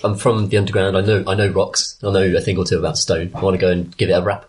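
A man playing a tabletop game, joking in quick, playful bursts. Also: deep voice, little pitch movement, slightly rough. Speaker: player. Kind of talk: casual game talk.

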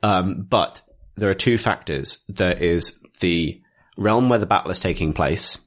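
Deep-voiced man explaining game rules. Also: unhurried. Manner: rambling, detailed explainer with frequent fillers and restarts. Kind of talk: casual tabletop gaming chat.

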